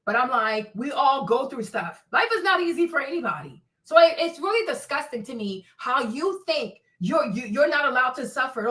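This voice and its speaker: A woman's voice: high voice, very animated, normal speed, fairly bright tone, recorded from a distance. Sassy, profane woman ranting on livestream. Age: 40s. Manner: blunt, profane, sassy, laughing often. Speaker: livestream host. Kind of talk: unscripted livestream rant.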